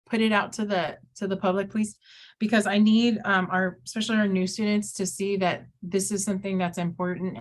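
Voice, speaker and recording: A woman teaching an online math class, chatty, often acting out her students' questions in a livelier voice. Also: medium pitch.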